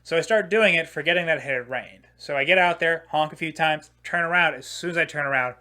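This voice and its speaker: A young man in his twenties with a slightly high voice, telling a comic story on a podcast. He rambles and swears and fills his sentences with "like". He gets animated and laughs at his own jokes. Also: fairly quick. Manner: rambling, profane, many filler "like"s. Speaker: podcast host. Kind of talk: casual comedic storytelling.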